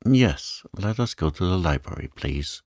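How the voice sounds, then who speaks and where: A man's voice: deep voice, expressive, unhurried, a little mellow, husky, no room sound, clean studio sound, heavily acted. A man reading the part of a grave young prosecutor who speaks with urgent, guarded seriousness. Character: stern male prosecutor, urgent and secretive.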